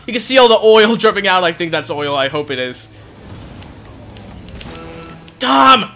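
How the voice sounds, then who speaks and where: Man, gameplay commentary, bright tense tone, swooping pitch, excitable. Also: a little fast, creaky, faint music behind. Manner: excitable, shouts and groans at the game. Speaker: gaming channel host.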